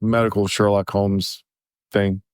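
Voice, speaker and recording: A man co-hosting a casual podcast, relaxed, giving short replies and telling stories with an easy laugh. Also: fairly low pitch, unhurried, clean tone, no echo, studio quality. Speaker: podcast co-host. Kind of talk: casual chat.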